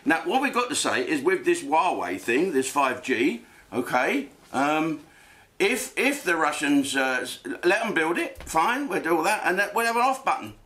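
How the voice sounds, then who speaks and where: Man, comedic rant, crude and rambling, bright, forceful. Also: on the high side, big pitch swings, moderate pace. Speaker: host. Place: home den.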